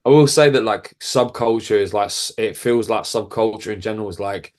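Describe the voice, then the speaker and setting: A man's voice: fairly low pitch, a little fast, darkish tone. A man, a band's singer, talking casually in an interview with lots of filler words. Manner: rambling, full of filler words, laughs often. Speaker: band vocalist, guest.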